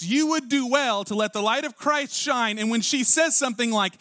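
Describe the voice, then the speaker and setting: A man preaching a sermon as pastor, swinging from punchy lines to hushed asides and acting out voices. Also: very high voice, normal speed, hardly any pauses, no echo, studio quality. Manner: animated preaching with sudden drops to quiet and acted-out voices.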